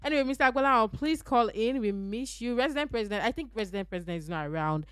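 A woman with a Nigerian accent hosting a radio call-in show from the studio, lively and coaxing, urging listeners to call in. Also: on the high side, quick pace, smooth. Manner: lively, coaxing, laughs between lines. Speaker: radio host. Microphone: studio mic.

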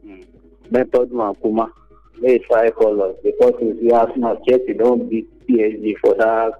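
A man with a Nigerian accent calling in to a radio show, speaking haltingly with many pauses and bits of pidgin. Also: lowish voice, little pitch movement, faint music behind. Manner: halting, hesitant, mixes in pidgin. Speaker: caller. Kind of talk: casual phone-in chat. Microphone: telephone. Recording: dull dry phone line.

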